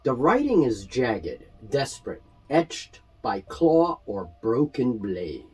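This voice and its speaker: A man narrating a tabletop fantasy game as game master, in measured, expressive storytelling. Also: medium pitch, breathy edge, poor audio.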